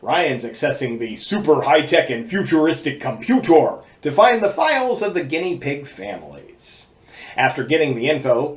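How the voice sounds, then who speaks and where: A man's voice: medium pitch, roomy sound. A man hosting a comedic horror movie review, narrating with playful sarcasm and reeling off lists with relish. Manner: sarcastic, playful, lively list-reading.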